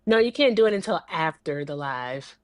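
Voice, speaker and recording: A woman's voice: low-pitched, lively intonation, moderate pace, dry recording. A woman co-hosting a casual livestream, upbeat and chatty. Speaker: livestream co-host.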